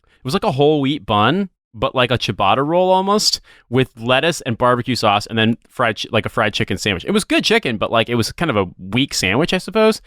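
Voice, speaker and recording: Sing-song and a bit bright, this American man's medium-pitched voice moves fairly quickly as he co-hosts a podcast. The studio recording is clean with no room sound, and he wanders through stories casually, cursing without hesitation and putting on goofy voices.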